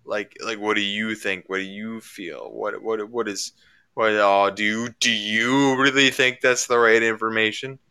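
A man from Canada with a very bright, crisp, smooth voice in casual conversation. He tells his story with lots of stammering restarts and repeated words, climbing higher when he gets worked up. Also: fairly even intonation, unhurried. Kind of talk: casual chat.

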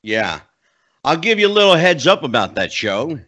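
A man hosting a talk show, chatting casually and stressing his words with drawn-out phrasing. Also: a little high, big pitch swings, fairly bright tone. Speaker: host. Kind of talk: casual interview chat. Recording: dull lo-fi sound.

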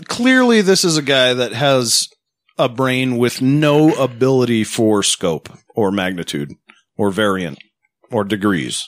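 A male podcast co-host with a very lively pitch that swings up and down. He talks casually and sarcastically, swearing often, in a dry, close recording. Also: unhurried, dry recording. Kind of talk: casual chat.

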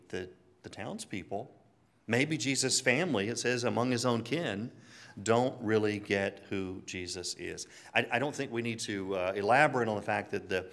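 A man preaching a conversational sermon, chuckling often and telling stories between scripture readings. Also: mid-range voice.

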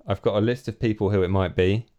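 A man's voice: fairly low pitch, steady tone, quick pace, warm tone. A man playing a tabletop game, thinking aloud as he plans his next move. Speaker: player. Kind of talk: casual tabletop play.

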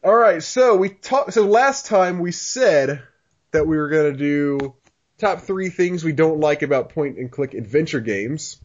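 A man's voice: a little high, animated, a little slow, highs cut off. A man hosting a casual podcast chat with friends, rambling and laid-back, restarting his sentences often. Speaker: podcast host.

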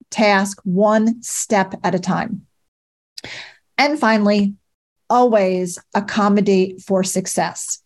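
A middle-aged woman talks plainly and practically, giving advice as a mother of eight. Her voice sits at an everyday middle pitch for a woman. She speaks directly, with casual fillers. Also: a little mellow. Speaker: parent advocate. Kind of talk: advice talk.

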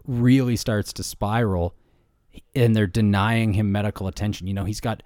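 A man with a lowish voice recaps a book for his co-host in easygoing conversation. He sprinkles in "like" and "you know" as he goes. The sound is close and dry. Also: normal speed, no room sound. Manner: relaxed storytelling with many "like" and "you know" fillers. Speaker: podcast co-host. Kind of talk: casual book review chat.

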